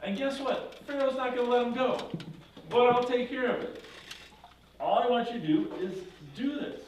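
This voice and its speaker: A man's voice: very high voice, normal speed, slight background noise, voice pushed up. A man voicing God as a commanding male figure who insists and reassures, urging emphatically during a lesson. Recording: echoey room from far off.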